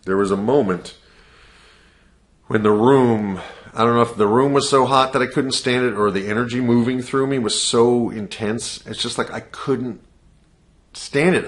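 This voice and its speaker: A man's voice: fairly low pitch, fairly bright tone. A middle-aged man, a personal mastery coach, talking earnestly in a casual motivational monologue and repeating coaching questions.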